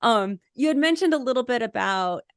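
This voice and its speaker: Parenting podcast host, dry close sound. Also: female voice, a little high, animated, a little fast, no echo. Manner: earnest, asks clear questions. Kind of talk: podcast interview.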